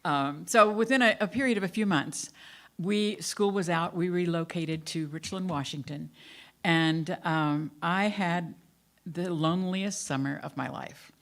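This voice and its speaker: Her voice is lowish and a little slow as this older guest minister shares her own life in a candid, self-deprecating sermon with personal stories. She comes from the American South and carries a faded Southern American accent, addressing her congregation in a church sanctuary.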